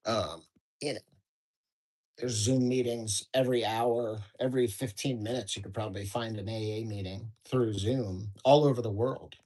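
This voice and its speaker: American man, study-group host, loose and chatty, mid-pitch, swears casually. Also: steady tone, moderate pace, a little mellow, low-quality recording. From United States. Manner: casual, rambling, swears freely, many fillers. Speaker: host of a daily book study. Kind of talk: reading aloud with casual commentary.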